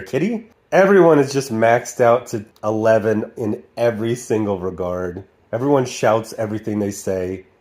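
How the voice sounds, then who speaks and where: A man in his forties from the American Midwest talks through a video review in a relaxed, conversational way. His tone is dry and sarcastic. Now and then he breaks into over-the-top voices to mock what he quotes. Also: medium pitch. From Midwestern United States. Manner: sarcastic, slips into exaggerated cartoon voices when quoting. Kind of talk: casual video commentary.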